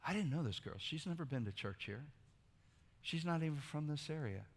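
Preacher with swinging dynamics in a reverberant hall. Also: male voice, on the high side, animated, a little fast. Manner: storytelling, swings from hushed intimate lines to shouted exclamations. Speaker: pastor. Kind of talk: sermon.

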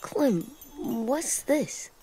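Curious little boy, lively up-and-down voice, slow and blunt. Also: high-pitched, slight background noise, full character voice.

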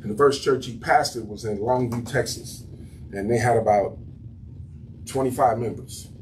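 A man's voice: medium pitch, moderate pace, a little mellow, slight background noise. Preaching man heard from a distance. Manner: conversational preaching, repeats words as he builds. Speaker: pastor. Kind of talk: sermon. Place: small church room.

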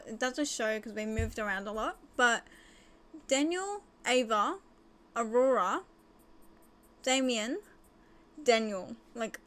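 High, bright-voiced excitable woman gamer. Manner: gushing and excitable, lots of gasps and squeals. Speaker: gaming video host. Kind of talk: casual let's-play commentary.

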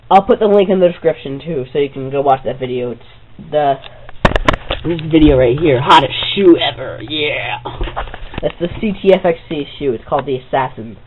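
High-pitched, excitable vlogger, rambly and chatty, on slightly muffled camera audio. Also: male voice, normal speed, a little hiss or hum. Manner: excitable, rambling, addresses viewers directly. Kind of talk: casual rambling to-camera vlog. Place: own bedroom.

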